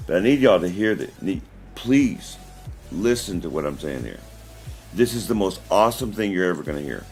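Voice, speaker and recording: Deep-voiced man rambling through a story. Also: big pitch swings, moderate pace, a little mellow, faint music behind. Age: 40s. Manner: rambling storytelling with many restarts. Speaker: livestream host. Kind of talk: casual livestream chat.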